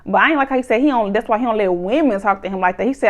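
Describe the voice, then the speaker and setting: A woman, recapping a reality show in casual chat, animated, laughing often and acting out cast members' lines. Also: mid-range voice, racing, hardly any pauses.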